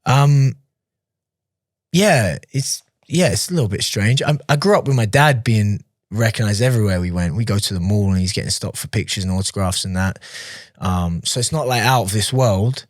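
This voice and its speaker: Chatty low-voiced man telling stories. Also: normal speed, no room sound, studio quality. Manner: chatty, restarts sentences, laughs easily. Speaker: podcast guest, professional fighter. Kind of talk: casual storytelling in an interview.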